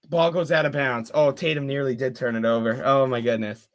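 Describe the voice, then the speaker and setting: A young man giving fan play-by-play commentary of a basketball game, excitable and openly rooting for one team. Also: medium pitch, a little fast.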